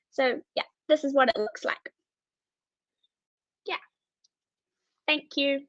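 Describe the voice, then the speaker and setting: A teenage girl giving a rehearsed pitch for her student business over a video call, in a clear, recited delivery. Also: takes it slowly, pauses often, dry recording. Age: teens. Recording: dull, dry video-call audio.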